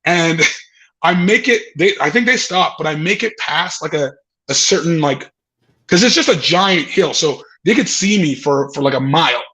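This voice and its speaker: A man with a fairly high voice tells a story to podcast hosts, swearing freely. He laughs between lines and acts out the people in it. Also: expressive, moderate pace, pushed and bright, low-quality recording. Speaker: comedian guest. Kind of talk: animated storytelling.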